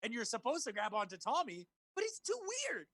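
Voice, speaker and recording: Animated man on a podcast call. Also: very high-pitched, fairly quick, no room sound. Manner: animated, swearing, laughs, mimics lines. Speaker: podcast co-host. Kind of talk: casual movie review chat. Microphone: remote call recording.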